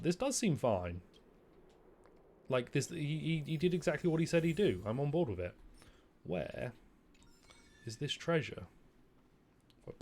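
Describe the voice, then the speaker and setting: A man's voice: mid-range voice, darkish tone, slight background noise. Wry British man streaming a game. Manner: wry, mock-indignant, reads game dialogue aloud. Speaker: gaming streamer. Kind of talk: casual gameplay commentary.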